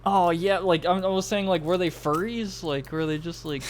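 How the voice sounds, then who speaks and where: A man's voice: high voice, moderate pace, a little hiss or hum. A young man co-hosting a podcast, chatting casually with crude slang and swearing. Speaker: podcast co-host. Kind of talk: casual chat.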